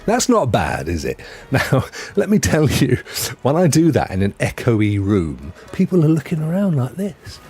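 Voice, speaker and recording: A man's voice: mid-range voice, huge pitch swings, normal speed, dark tone, soft background music. A man hosting a gaming news live stream, chatty and jokey, laughing often. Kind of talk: casual live-stream chat.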